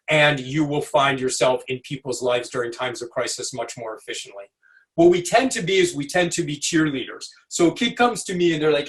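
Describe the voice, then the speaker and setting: A man giving an animated lecture over a video call, often checking in with "right?" and acting out quotes. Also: a little high, brisk. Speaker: speaker at a community webinar.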